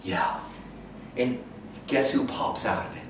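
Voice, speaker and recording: A man telling a comic story in a vlog, in an exasperated voice with deadpan sarcasm. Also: mid-range voice, slow pace, slight background noise. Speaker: vlogger. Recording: echoey room, distant mic, faint ambience.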